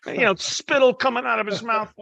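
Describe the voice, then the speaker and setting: A lively man with a high, gravelly, bright voice tells a story and acts out the people in it. The sound is dry and a bit dull. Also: no echo. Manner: animated, acts out voices in his anecdotes. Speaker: guest storyteller, Marine veteran. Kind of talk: casual storytelling.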